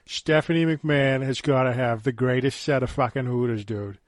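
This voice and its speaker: A male podcast guest chats in a relaxed, crude way, sighing and laughing between thoughts. His voice sits at an average pitch. The recording is dry and close. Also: normal speed, no echo. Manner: laid-back, crude, sighs and laughs. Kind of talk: casual chat.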